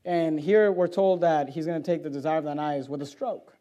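High-voiced male preacher, loud then hushed. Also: fairly even intonation, a little fast. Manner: swings from quiet low stretches to loud, high-pitched exhortation; reads scripture aloud in old-fashioned phrasing. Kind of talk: evening sermon.

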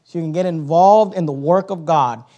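A man preaching a sermon, reading scripture in old-fashioned wording and building to loud, emphatic passages. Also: on the high side, normal speed, lo-fi sound. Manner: reads scripture in King James wording.

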